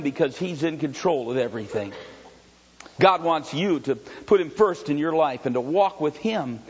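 A man preaching a sermon, moving between quiet storytelling and loud, shouted exhortation. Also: on the high side, expressive, normal speed, slightly rough. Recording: dull lo-fi sound with long hall reverb.

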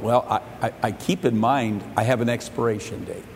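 A male pastor preaching a sermon. He stumbles over repeated words and swings between loud and soft. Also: medium pitch, moderate pace, in a large hall, slight background noise. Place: church sanctuary.

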